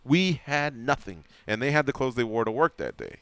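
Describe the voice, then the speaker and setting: In a radio studio, a man of medium pitch speaks at a moderate pace with no room sound. He's hosting the show and telling a long, casual anecdote, animatedly performing the quoted lines.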